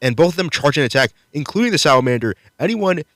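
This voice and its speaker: Studio-quality, dry audio captures a man whose voice is a little high, expressive, fast and fairly bright. He gives a casual video review of a manga chapter, cursing freely and enthusiastically recapping the fights in a laid-back way.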